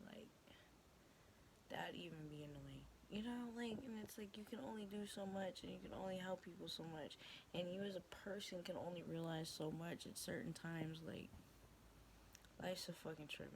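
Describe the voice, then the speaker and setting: Blunt, gravelly-voiced young woman venting. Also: fairly low pitch, a little mellow, slight background noise, low-quality recording. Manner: blunt, profane, rambling with many fillers. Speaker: vlogger. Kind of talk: casual confessional monologue.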